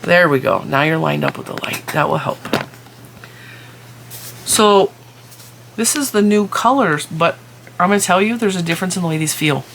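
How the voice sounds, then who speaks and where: A woman with a slightly low voice chats excitedly to her viewers, gushing as she shows off her finds. It is a casual home vlog with a faint hum in the background. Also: moderate pace, vocal fry, pauses often. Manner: chatty and excitable, gushing over yarn. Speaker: crochet and yarn vlogger. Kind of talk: casual show-and-tell vlog.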